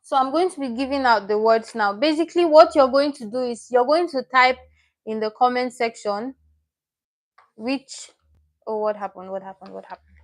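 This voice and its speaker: A woman with a slightly high voice runs a live-stream lesson online at a moderate pace. Her delivery is chatty, with repeated words and self-corrections along the way, and she reads viewers' names and comments aloud.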